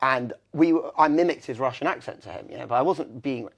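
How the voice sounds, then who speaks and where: A young man speaks candidly as an interview guest, his stories loose and rambling, full of fillers and self-corrections. His voice sits at an ordinary middle pitch. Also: brisk. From England. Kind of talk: conversational storytelling.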